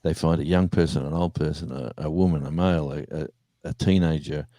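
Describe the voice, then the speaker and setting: Live-stream host, man, deep and dry close-mic sound, loose chatty anecdotes. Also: steady tone, brisk, warm tone, no echo. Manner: rambling storyteller, acts out voices in anecdotes, chuckles. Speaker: former radio presenter, show host. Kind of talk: casual live-stream chat.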